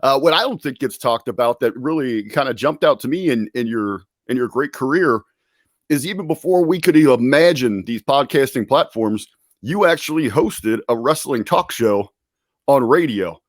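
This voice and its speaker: A man's voice: mid-range voice, expressive, moderate pace, no echo, studio quality. A young man with a resonant radio voice, asking long, polite questions as a panel questioner.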